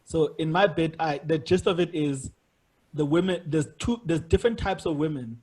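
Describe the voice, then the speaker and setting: Husky, high-voiced male podcast host. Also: moderate pace. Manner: animated storyteller who laughs often. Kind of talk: casual comedic conversation.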